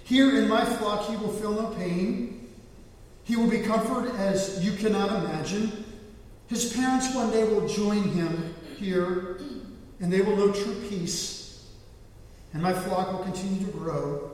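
A man giving voice to God as a gentle shepherd, slow and measured. The voice sits fairly high and rings through a large echoey hall, picked up from a distance. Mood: solemn.

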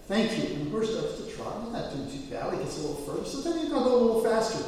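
Male pastor, sermon storyteller who builds to loud peaks; slightly high voice, distant mic, long church reverb. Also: very animated, very fast. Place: church sanctuary. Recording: echoey hall, mic from afar.

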